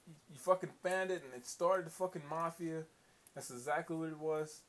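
A man's voice: fairly high pitch, steady tone, moderate pace. A man hosting a casual solo commentary show, profane, rambling and opinionated. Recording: faint hiss.

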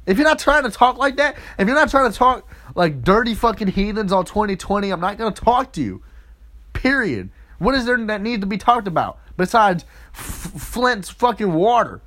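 Animated, high-voiced man ranting crudely. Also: normal speed. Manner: profane, mocking and animated, jumping into quoted voices. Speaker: podcast host. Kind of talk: crude comic rant.

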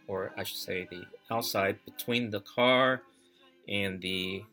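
A man telling a personal story as podcast host, reflective and halting, with many fillers and restarts. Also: lowish voice, pushed and bright, faint music behind.

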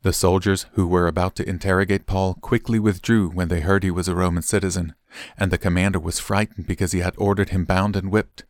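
Low-voiced man reading scripture. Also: flat delivery, a little fast, dry recording, studio quality. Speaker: Bible reader.

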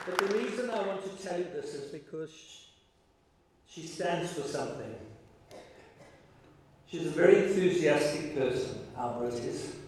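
A man preaching a sermon as pastor, telling stories in a warm, emotional way with halting restarts and repeated words. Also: fairly high pitch, expressive, crowd noise, noisy background. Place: large church hall. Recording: echoey hall, voice from far off.

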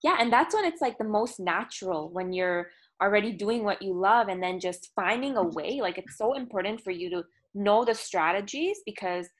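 A woman's voice: medium pitch, lively intonation, normal speed, hardly any pauses. A woman hosting a podcast, chatting in an eager, agreeing way with her guest. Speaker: podcast host. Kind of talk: casual conversational interview.

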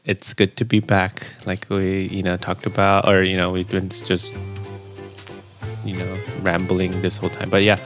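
Young guy cohost rambling along, really deep voice. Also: faint music behind. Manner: relaxed, rambling, halting. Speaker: podcast co-host. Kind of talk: casual chat.

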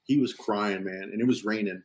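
A man's voice: lowish voice, fairly even intonation, brisk, a little hiss or hum, poor audio. A police officer telling a story in a casual, easygoing way, often tossing in "man". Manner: easygoing, peppers talk with "man".

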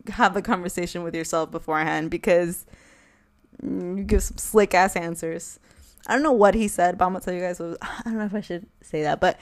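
A woman vlogger talking candidly to her viewers, rambling, swearing freely and often bursting into laughter. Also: mid-range voice. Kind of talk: casual chat to camera.

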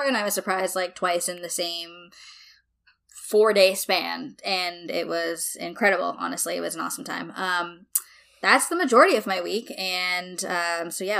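A woman's voice: on the low side, vocal fry. A young woman co-hosting a casual podcast chat, telling stories with lots of "like" fillers and acting out what people said. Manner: animated storyteller, acts out quotes, many "like" fillers. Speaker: podcast co-host.

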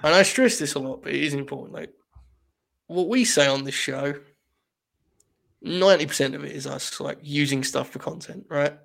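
A man's voice: on the high side, moderate pace, vocal fry, pauses often, fairly bright tone. A man hosting a live-streamed podcast, joking and rambling with his co-host and laughing often. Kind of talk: casual wrestling chat on a live stream.

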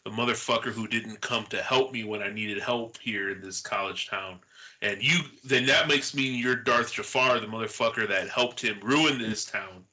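A snarling, vengeful bearded townsman, put on by a man running the game. He spits profane threats in a low, bitter voice. The audio is slightly dull and muffled. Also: normal speed, pushed and bright. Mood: scornful.

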